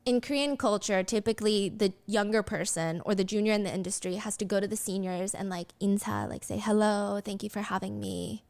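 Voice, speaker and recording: A woman's voice: medium pitch, fairly quick, few pauses. A woman telling a true story in a conversational narration, explaining context and acting out the quoted lines. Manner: acts out quotes in lively voices; explains cultural context to viewers.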